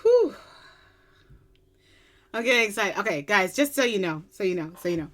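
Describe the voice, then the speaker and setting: Giddy woman from long island gushing at her computer, bright voice, squeals a lot. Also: medium pitch, animated, quick pace. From Long Island, New York. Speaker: music reaction vlogger. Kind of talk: casual chat.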